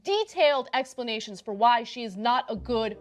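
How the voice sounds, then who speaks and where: A woman's voice: on the high side, expressive, normal speed. A woman co-hosting a political show, ranting emphatically and swearing. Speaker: co-host. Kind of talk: political commentary rant.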